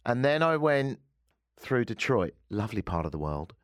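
A man's voice: mid-range voice, sing-song, normal speed, no room sound, clean studio sound. Sarcastic British-born man hosting radio. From United Kingdom. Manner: wry, self-mocking, sarcastic asides. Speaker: radio show host. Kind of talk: casual chat show banter. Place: radio studio. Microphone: studio microphone.

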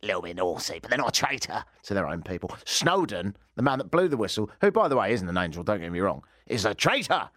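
A man's voice: fairly low pitch, sing-song, fast talker, few pauses, fairly bright tone, no echo, clean studio sound. Wry, chatty radio host man. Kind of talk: comedic talk radio banter. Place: radio studio. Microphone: studio microphone.

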